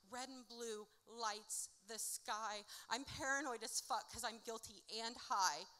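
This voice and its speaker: Performing live in a theatre, this spoken-word artist from Indiana, United States, tells her story in blunt, rhymed, heavily profane verse. Her voice sounds on the high side, pushed and bright.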